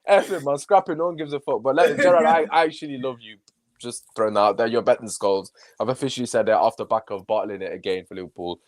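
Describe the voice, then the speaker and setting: A man hosting a casual podcast chat, animated and mocking rival fans, swearing freely. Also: mid-range voice, fast talker. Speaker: podcast host.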